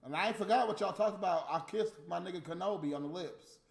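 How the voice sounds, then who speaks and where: A man's voice: high voice, fast, gravelly, reverberant. A middle-aged man ranting on a livestream, blunt and exasperated, cursing freely. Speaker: livestream host. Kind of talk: profane off-the-cuff rant.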